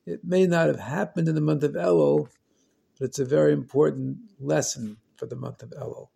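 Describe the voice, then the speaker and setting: A man hosting a storytelling show, narrating a tale slowly and deliberately, with long pauses. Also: fairly high pitch, creaky, warm tone, breathy edge. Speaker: storyteller host.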